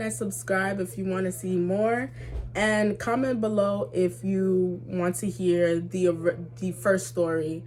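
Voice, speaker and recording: A woman's voice: mid-range voice, darkish tone, a little hiss or hum. A young woman vlogger telling a personal story in a casual, slangy way, laughing and acting out the dialogue.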